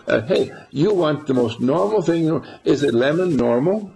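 An older man, a spiritual teacher, gives a folksy, rambling, informal talk to a small group, quizzing his listeners along the way. His voice is on the high side, creaky, dark in tone, and slightly rough, with lively intonation and a measured pace. The recording is rough.

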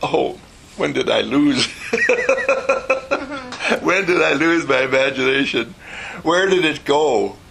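A man's voice: on the high side, expressive, takes it slowly, creaky, pushed and bright, exaggerated voice. A man voicing a weary, worldly mother who scolds her dreamy daughter with sighing exasperation. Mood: wistful.

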